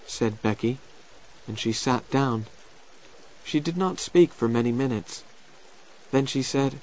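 A man narrating a children's storybook in a slow, clear and expressive way. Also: medium pitch.

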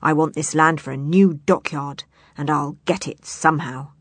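A woman voicing a stern, greedy male sea trader who bellows and snarls slowly in a storybook reading. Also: sits low, steady tone, fairly bright tone, slightly rough, no echo. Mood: menacing. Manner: bellowing, slow and menacing.

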